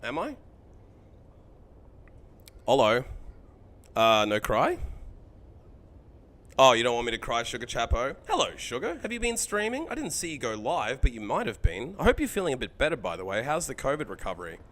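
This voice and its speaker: A man streaming a card game live, thinking out loud about his choices, chatting with viewers and swearing freely. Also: medium pitch, very animated, a little fast.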